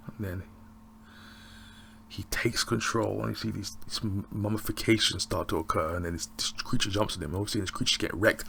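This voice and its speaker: A man's voice: on the low side, steady tone, fairly quick, vocal fry, pushed and bright, a little hiss or hum. A man chatting casually as he reviews a TV episode, slangy and rambling with frequent chuckles. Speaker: TV review vlogger.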